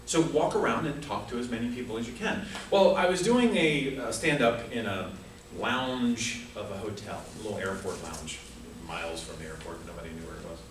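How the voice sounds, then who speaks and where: A man's voice: lowish voice, normal speed, a little hiss or hum. A man giving a prepared humorous speech at a speaking club, telling a story with comic asides. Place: club meeting room. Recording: echoey room from far off.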